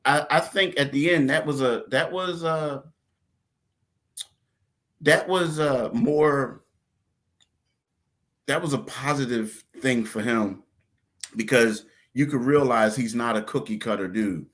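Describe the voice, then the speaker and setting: A man's voice: mid-range voice, slow, long pauses. Laughing man telling a story. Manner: animated storyteller, acts out voices and laughs often. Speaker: podcast co-host. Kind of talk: casual sports chat.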